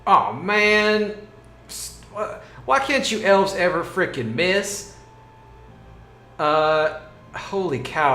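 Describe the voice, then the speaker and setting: Goofy, animated game master man. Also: fairly high pitch, reverberant, a little hiss or hum. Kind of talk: narrating a tabletop game.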